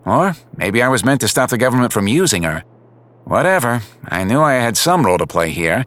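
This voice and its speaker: A man's voice: mid-range voice, sing-song, brisk, fairly bright tone. A man narrating a first-person detective audiobook in a wry, hard-boiled tone. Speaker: audiobook narrator and lead character.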